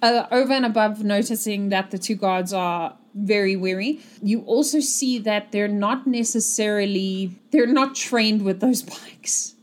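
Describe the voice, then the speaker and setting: A woman running a tabletop game as game master, describing the scene in a relaxed way with many fillers. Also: medium pitch, a little slow, hardly any pauses.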